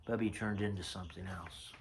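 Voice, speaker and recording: A man's voice: sits low, steady tone, fairly quick, gravelly, a little hiss or hum. A man in his sixties telling rambling, chatty stories about old notes from his past. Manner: chatty storyteller, drifts off mid-thought. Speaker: vlogger. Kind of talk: casual reminiscing vlog.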